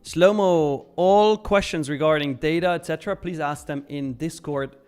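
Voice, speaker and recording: Here the Swiss streamer sounds fairly high-pitched, clear and a little mellow, with a resonant tone and moderate pace. He's young and casually runs his live trading stream, chatting, laughing a lot and reading out messages from chat, with soft music in the background.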